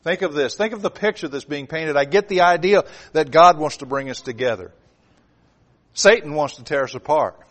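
A man's voice: fairly high pitch, normal speed, a bit bright. A man preaching a sermon, driving home points with repetition and sudden swells of emphasis.

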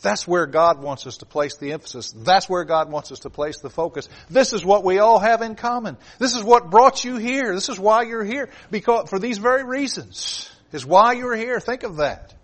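Male preacher, fairly high voice, sermon delivery with a repetitive cadence and rising, emphatic swells. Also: normal speed, hardly any pauses.

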